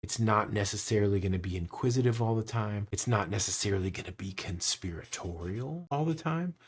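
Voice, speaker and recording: A male sales trainer explains his material with a lively voice that climbs and drops often. He stresses his points hard and acts out the tones he describes. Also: fairly low pitch. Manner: animated, emphatic, demonstrates tones with his voice. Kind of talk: instructional talk to camera.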